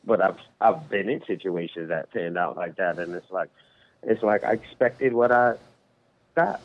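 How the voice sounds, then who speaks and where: A man's voice: low voice, normal speed. A man co-hosting a casual podcast chat, laid-back and hesitant, full of fillers. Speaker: podcast co-host. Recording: tinny phone-like line.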